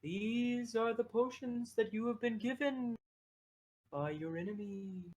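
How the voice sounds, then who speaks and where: A man's voice: very high voice, unhurried, darkish tone, lo-fi sound, voice pushed up. A man voicing a grotesque, small male creature seer who is solemn and unsettling, with creepy gleeful outbursts.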